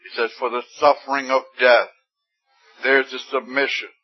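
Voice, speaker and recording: A man's voice: mid-range voice, flat delivery, moderate pace, breathy edge, soft background music. A man preaching a sermon with fervent emphasis, his voice rising suddenly on key words. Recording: dull lo-fi recording.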